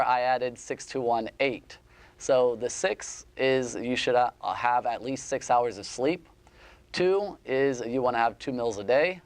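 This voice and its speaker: A man hosts a convention panel in a relaxed, easygoing way. He explains things plainly and laughs now and then, at an ordinary middle pitch. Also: smooth, dry recording. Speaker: panel host. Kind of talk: casual convention panel talk.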